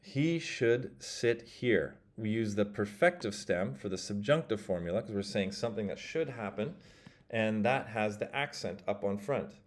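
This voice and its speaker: A man with a somewhat low voice gives a relaxed, informal language lesson. He works through grammar patterns one at a time, speaks example phrases slowly and carefully, and asks the listener to pause and try each one. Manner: explains step by step, models phrases slowly and leaves pauses for practice. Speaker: language teacher. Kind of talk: casual spoken language lesson.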